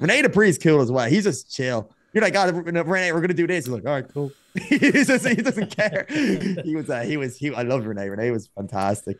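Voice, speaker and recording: A man, a podcast guest telling wrestling stories in a casual, animated way, acting out quoted dialogue. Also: fairly low pitch, no echo, studio quality. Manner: animated, acts out quoted dialogue, frequent restarts. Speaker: podcast guest, former wrestler turned streamer. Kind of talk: casual storytelling chat.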